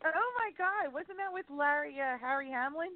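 Animated woman telling stories over a tinny line. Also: high voice, normal speed, no echo. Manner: animated storyteller, frequent exclamations and laughter. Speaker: co-host. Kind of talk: casual radio chat. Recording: tinny phone-like line, dry.

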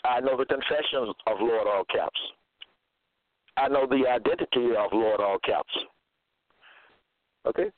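A man giving a slow sermon, reading out scripture verses and checking in with "okay?". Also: medium pitch, no room sound. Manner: reads verses slowly, repeats "okay?". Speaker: preacher. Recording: tinny phone-line sound.

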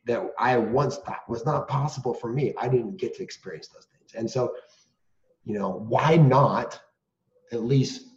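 Middle-aged man, earnest interview guest, candid and animated; echoey, lo-fi sound. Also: mid-range voice. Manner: earnest and animated, many restarts and rhetorical questions. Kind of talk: candid storytelling. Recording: roomy, dull lo-fi sound.

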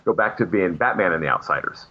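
Rambling low-voiced man telling stories. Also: expressive, fast talker. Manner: rambling anecdotes with many fillers. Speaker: comic book artist guest. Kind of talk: casual storytelling interview. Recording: muffled lo-fi audio.

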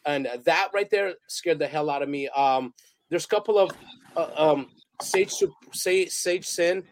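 A man's voice: a little high, measured pace. A man guest on a podcast interview, telling rambling, emotional stories in a casual way and acting out what people said. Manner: animated, rambling storyteller; emotional, acts out quotes. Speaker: guest photographer and director.

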